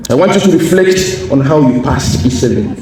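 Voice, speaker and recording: A man's voice: on the high side, animated, normal speed, far from the mic, noisy background. Male educationalist, fervent motivational speaker, off-mic in a reverberant hall. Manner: emphatic, asks the audience questions and repeats key phrases. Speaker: guest speaker. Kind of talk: motivational talk to students.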